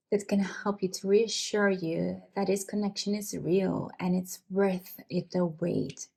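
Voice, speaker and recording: Slow, soft-toned emotional tarot reader woman. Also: mid-range voice, gravelly. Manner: emotional, sighing, halting with many restarts; speaks directly to viewers, calling them you guys. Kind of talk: emotional pick-a-card tarot reading.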